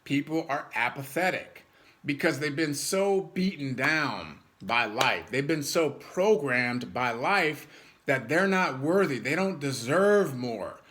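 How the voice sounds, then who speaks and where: Emphatic high-voiced man giving a pep talk. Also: lively intonation, takes it slowly, a bit bright. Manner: emphatic, repeats words, acts out quoted voices. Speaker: motivational speaker. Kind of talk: motivational talk to an audience.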